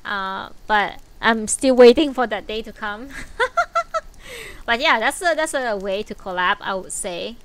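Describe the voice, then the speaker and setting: A woman streamer chatting casually on a live stream, blunt and dry, swearing freely and low on energy. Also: measured pace, slight background noise.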